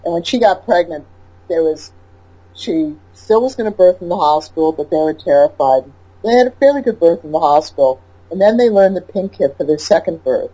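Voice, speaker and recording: Woman, low mellow voice, husky, animated storyteller, dull audio. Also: brisk. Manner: animated storyteller, emphatic repetition. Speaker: interviewer, birth educator. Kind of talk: casual interview chat.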